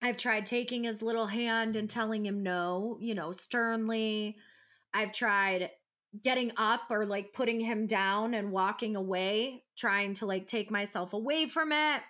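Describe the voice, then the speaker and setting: A young woman co-hosting a podcast in casual chat, telling animated stories and acting out her toddler's voice. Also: medium pitch, a little slow. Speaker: podcast co-host.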